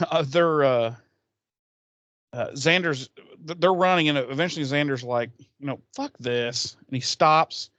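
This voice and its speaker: A man's voice: fairly high pitch, measured pace, pauses often, fairly bright tone, dry recording, highs cut off. A man hosting a podcast, recapping a TV episode in a rambling, profane, casual way with laughing asides.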